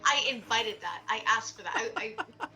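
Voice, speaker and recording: A woman player in a tabletop game with a bright, somewhat high voice that bounces around in pitch. She keeps up a sassy, teasing patter with the game master. Faint music sits underneath. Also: lively intonation, normal speed. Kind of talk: casual chat during a tabletop game. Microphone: online voice chat microphone.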